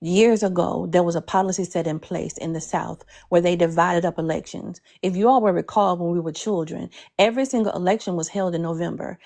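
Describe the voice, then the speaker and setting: A woman speaking to a group on a call, measured and persuasive, with some hesitations. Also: lowish voice, steady tone, gravelly, a little mellow. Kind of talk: speech to a group.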